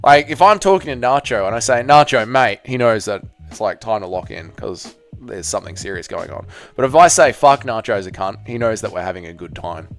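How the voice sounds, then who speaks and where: Animated, foul-mouthed male streamer. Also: on the low side, fairly quick, faint music behind. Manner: animated, profane, banters with chat. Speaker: streamer hosting a fight watch-along. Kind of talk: casual live-stream chat, reading chat messages.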